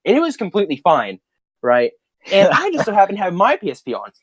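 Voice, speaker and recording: A young man co-hosting a podcast, swapping childhood stories with a friend. His pitch swings widely as he talks, and he sounds animated and profane, laughing as he goes. The sound is dry and close. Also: fast talker, husky, no echo. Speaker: podcast co-host. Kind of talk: casual storytelling chat.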